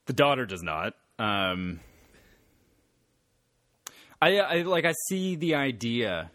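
A man's voice: on the low side, fairly bright tone, no echo, studio quality. A man co-hosting a casual movie podcast, chatty and laughing, with lots of fillers and restarts. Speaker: podcast co-host.

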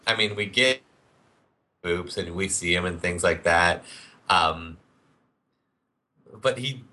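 Deep, bright-voiced man chatting about films. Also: takes it slowly. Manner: enthusiastic, rambling with fillers. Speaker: podcast co-host. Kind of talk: casual film discussion.

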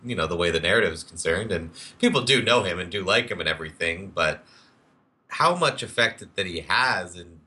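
A man's voice: deep voice, animated, brisk, bright, forceful tone. A man co-hosting a casual podcast, talking about movies with enthusiasm and lots of fillers. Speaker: podcast co-host. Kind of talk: casual film discussion.

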